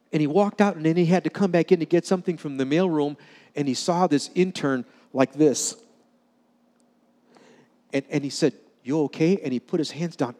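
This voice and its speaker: A man's voice: a little high, moderate pace. Guy preaching in a big church, tells stories and acts out the voices, lots of hall echo. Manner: storytelling, acts out dialogue with sudden drops to soft tones. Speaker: pastor. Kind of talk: sermon. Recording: long hall reverb.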